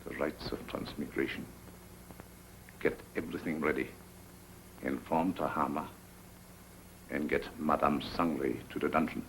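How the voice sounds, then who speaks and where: A deep, gravelly commanding villain. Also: male voice, fairly even intonation, a little slow, pauses often, a bit bright, a little hiss or hum, full character voice, low-quality recording. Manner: curt, commanding. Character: sinister male mastermind ordering a ritual. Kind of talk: 1940s film acting.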